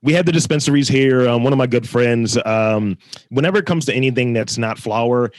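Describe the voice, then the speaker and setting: A man's voice: mid-range voice, a little fast, no room sound. A man guesting on a podcast, telling stories in a loose, joking, profane way. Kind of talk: casual chat.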